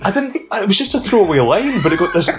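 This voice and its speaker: A man, a wrestler, telling stories in a casual interview, laughing often and jumping up in pitch. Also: quick pace, a crowd in the background. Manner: animated storyteller, laughs often, voice jumps high. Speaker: wrestler guest.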